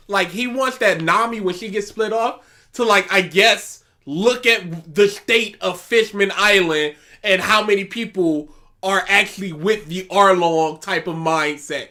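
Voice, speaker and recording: Male streamer, high and bright, argues points fast in casual reaction banter. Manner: argumentative, quick reactive banter. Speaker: stream co-host. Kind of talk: casual chat.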